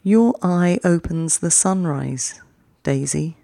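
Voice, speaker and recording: A podcast host reading short poems slowly and deliberately, each one twice with long pauses, then closing the show in a chattier way. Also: mid-range voice, gravelly, mellow, dry recording, studio quality. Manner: chatty, quicker sign-off. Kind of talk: slow, measured poetry reading.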